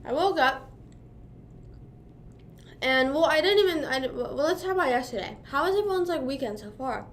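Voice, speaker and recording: A woman's voice: high-pitched, expressive, normal speed, a little hiss or hum. A young woman from Pennsylvania chatting casually on a livestream, rambling with lots of "like" and "you know what I mean," sometimes talking while chewing. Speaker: streamer.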